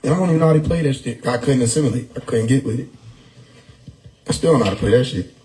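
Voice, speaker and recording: A man hosting a live stream, riffing loudly on chat comments with frequent laughter and profanity. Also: mid-range voice, quick pace, poor audio. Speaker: livestream host reading chat. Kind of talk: casual livestream chat. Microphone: phone or desktop mic on a live stream.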